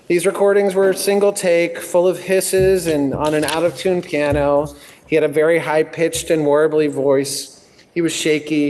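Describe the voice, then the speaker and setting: A middle-aged man, a guest singer, giving an earnest introduction in a large legislative chamber, halting with frequent ums. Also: a little high, a little mellow. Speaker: guest singer leading a devotional. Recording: long hall reverb, faint music behind.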